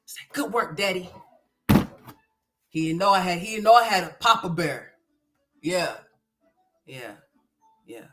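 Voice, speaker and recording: A woman from Oklahoma hosting a livestream, telling a story in a loose, animated and profane way, dropping to low mutters and rising to loud exclamations. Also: a little slow, pauses often, soft background music. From Oklahoma, USA. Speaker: livestream host.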